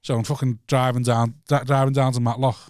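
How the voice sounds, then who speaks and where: A man with a Liverpool accent telling a sweary, animated story on a podcast, acting out his own shouting. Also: medium pitch, brisk, dry recording. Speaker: podcast co-host and stand-up comedian. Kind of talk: casual chat, storytelling rant. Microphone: studio mic.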